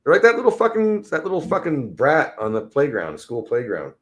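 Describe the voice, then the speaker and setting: A man's voice: huge pitch swings, fairly quick. Male podcast host, profane rambling solo rant, agitated and exasperated. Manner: swings between low mutters and high exasperation.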